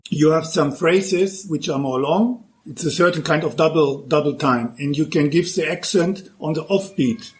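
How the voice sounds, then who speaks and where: Calm man teaching the drum. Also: fairly high pitch, normal speed, few pauses. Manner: calm, plain instructional phrasing in non-native English. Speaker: Zen monk teaching drumming. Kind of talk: spoken instruction between drum demonstrations.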